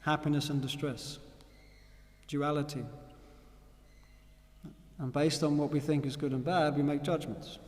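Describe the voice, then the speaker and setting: A man's voice: a little high, steady tone, unhurried, pauses often, darkish tone, long reverb tail. A man giving a devotional scripture class, telling stories and putting questions to his listeners. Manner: storytelling, asks the audience questions.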